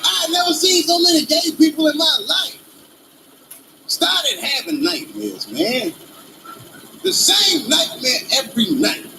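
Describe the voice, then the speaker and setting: A man performing a stand-up comedy routine in role-play, with animated, profane storytelling and frequent laughter. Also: very high-pitched, a little slow, vocal fry, pauses often, noisy background.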